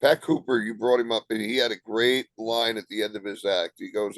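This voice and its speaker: Low-voiced joking New Jersey comedian. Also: male voice, fairly even intonation, brisk, few pauses, a bit bright, no room sound. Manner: joking, tells anecdotes with punchlines. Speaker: guest comedian. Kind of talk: casual interview storytelling.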